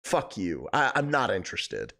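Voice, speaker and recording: A man's voice: lowish voice, huge pitch swings, moderate pace, gravelly, pushed and bright. A young man hosting a live stream, chatting casually and rambling, swearing a lot, his voice cracking. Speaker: livestream host.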